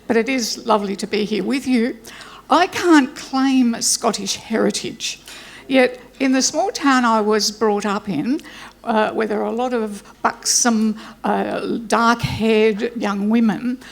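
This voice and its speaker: A woman's voice: a little high, takes it slowly, gravelly. A woman gives a chatty, self-deprecating welcome speech before introducing a guest lecturer. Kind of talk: informal anecdotal welcome speech.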